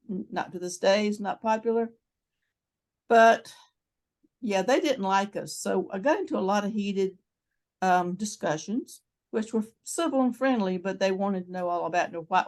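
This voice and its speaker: A woman's voice: mid-range voice, darkish tone. A woman in her seventies with a North Carolina accent, hosting a casual chat and telling travel stories in a rambling, frank way with many restarts. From North Carolina, USA. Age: 70s. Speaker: channel host.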